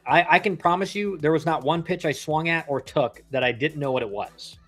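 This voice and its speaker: A man's voice: fairly high pitch, a little fast, hardly any pauses, a bit bright, faint music behind. A man in his thirties, a former pro ballplayer, casually commenting on a live game, chatty and rambling with slangy asides. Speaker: livestream baseball commentator, former pro player.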